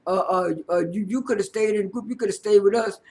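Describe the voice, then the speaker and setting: Man, high voice, casual show recap, halting, lots of uh and repeats. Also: darkish tone. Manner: halting, many fillers and repeated words.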